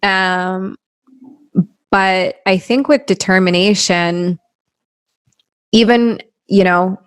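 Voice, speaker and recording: Woman podcast host, encouraging and earnest, mid pitch, dry close mic. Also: drawn-out words, clear, resonant tone, no echo. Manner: earnest, encouraging, laughs easily. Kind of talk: casual conversational interview.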